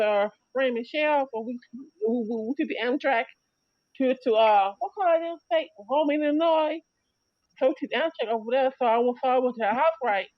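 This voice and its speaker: A fairly high-voiced woman chats on a livestream, telling a story in a rambling way, stumbling over her words and repeating herself. The sound is dry and a bit muffled, with no room echo. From Chicago area. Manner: rambling storytelling with many repetitions and restarts. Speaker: livestream host. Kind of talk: casual livestream chat.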